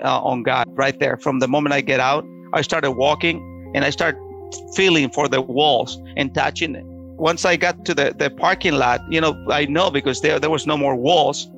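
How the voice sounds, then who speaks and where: A middle-aged man earnestly telling a personal story, halting often and restarting his sentences. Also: fairly high pitch, steady tone, gravelly, fairly bright tone, muffled recording, soft background music. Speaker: storyteller sharing a personal testimony.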